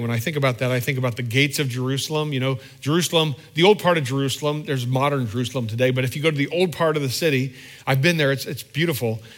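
A middle-aged man preaching a sermon as pastor, candid and self-deprecating, acting out little quoted scenes in a conversational way. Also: medium pitch.

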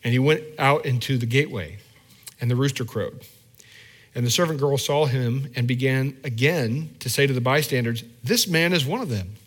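A man's voice: medium pitch, lively intonation, normal speed. A male pastor giving a conversational sermon, often restarting and repeating words as he thinks aloud.

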